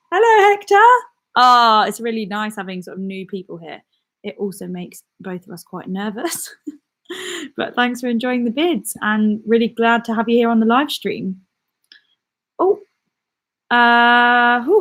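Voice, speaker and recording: A young woman with a mixed West Midlands and southern English accent, chatting casually as she answers viewer comments on a live stream and laughs often. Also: on the high side. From West Midlands, England. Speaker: YouTuber and comedian.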